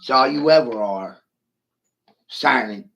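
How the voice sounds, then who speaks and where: A man's voice: mid-range voice, slow pace, fairly bright tone, muffled recording, faint music behind. A middle-aged man in a profane, taunting rant, swearing aggressively at his critics.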